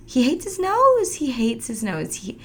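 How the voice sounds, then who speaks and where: A woman's voice: unhurried, a little hiss or hum. A woman in her thirties co-hosting a faith-based podcast, talking animatedly and acting out quoted voices. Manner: animated, acts out quoted voices with big pitch jumps. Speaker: podcast co-host. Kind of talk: faith-based casual conversation.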